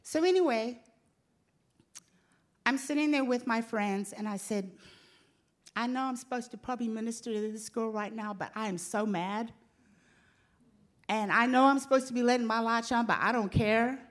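Animated woman telling a church story. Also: a little high, moderate pace, pauses often. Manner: animated, acts out quoted voices. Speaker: pastor's wife telling a story.

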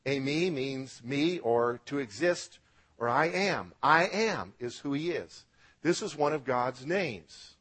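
A man preaching a sermon as pastor, swinging between loud emphatic lines and quiet low drops, asking the congregation to repeat words after him. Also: expressive, slow, slightly rough. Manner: emphatic preaching, rising and dropping for effect.

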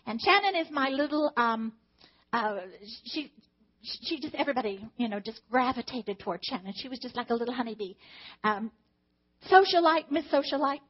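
A middle-aged mother sharing a personal testimony about her children, emotional and animated, acting out the dialogue. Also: high-pitched, normal speed. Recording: dull lo-fi recording.

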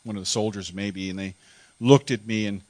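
In a dry recording, a preacher tells a first-person story as a dramatic monologue sermon. His low, darkish voice holds a steady tone, though he turns emotional and halting, repeating words when moved.

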